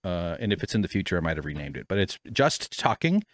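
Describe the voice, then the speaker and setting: A man's voice: sits low, sing-song, fast. Rambling, self-mocking male podcast host. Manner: rambling, self-deprecating, swears freely. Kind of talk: casual rambling chat. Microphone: studio microphone with headphones.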